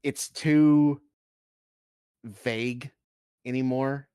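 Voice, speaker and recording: A man's voice: medium pitch, steady tone, drawn-out words, dark tone, smooth, dry recording, clean studio sound. A man co-hosting a stream, reacting to a video with blunt, profane rants. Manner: blunt, swears a lot, ranting. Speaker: stream co-host. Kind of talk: casual chat reacting to a video.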